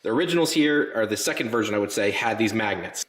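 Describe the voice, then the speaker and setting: A man's voice: fairly low pitch, lively intonation, fast, a bit bright. A man hosting a casual garage vlog, rambling and frustrated as he works on his car. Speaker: car builder and channel host. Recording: roomy garage echo.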